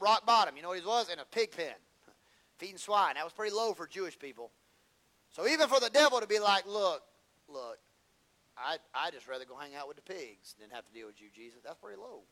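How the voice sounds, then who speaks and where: A man's voice: sits high, pushed and bright. A man preaching a sermon, telling humorous stories in folksy slang.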